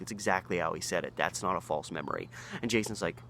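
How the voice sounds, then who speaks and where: Rambling low-voiced man from Oregon. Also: quick pace, fairly bright tone, a little hiss or hum. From Oregon, USA. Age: 30s. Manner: rambling, with frequent restarts and acted-out quotes. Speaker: local history storyteller. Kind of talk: casual spoken storytelling.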